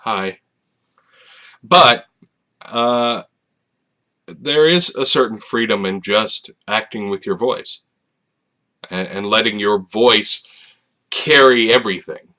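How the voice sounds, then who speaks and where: A man talks straight to his camera in an unhurried late-night ramble, his fairly low voice carrying a bright, forceful edge. He drifts and hesitates, stacking fillers and restarting his sentences as he thinks aloud. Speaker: video channel host. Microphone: facing a camera.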